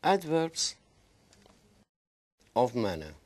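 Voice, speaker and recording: A man who speaks Kurdish natively, teaching English grammar by slowly repeating and drilling word forms. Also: medium pitch, big pitch swings, darkish tone. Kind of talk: language lesson.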